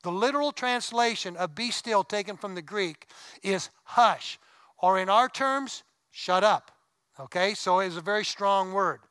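A middle-aged male pastor delivers a sermon in a high, bright voice. His tone is clean and smooth, and the sound is dry and close. He preaches conversationally, with asides and bursts of emphasis. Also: normal speed, dry recording, poor audio. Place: church sanctuary.

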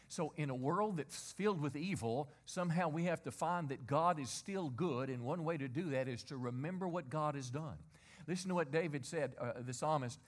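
Middle-aged male pastor preaching a sermon. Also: on the high side. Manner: call-and-response preaching, asks the congregation to repeat lines; conversational with repeated rhetorical questions.

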